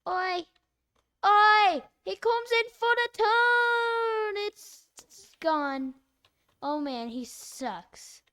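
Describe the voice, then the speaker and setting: A man's voice: very high voice, drawn-out words, heavily acted. A guy putting on a rowdy mock-accent race announcer. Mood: excited. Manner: shouting, clowning, exaggerated vowels.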